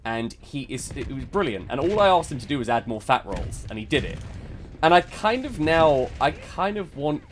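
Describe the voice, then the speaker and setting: A British man hosting a live gaming stream, chatty and excitable, laughing often. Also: fairly high pitch, moderate pace, slight background noise. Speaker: stream host. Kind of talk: casual chat while gaming.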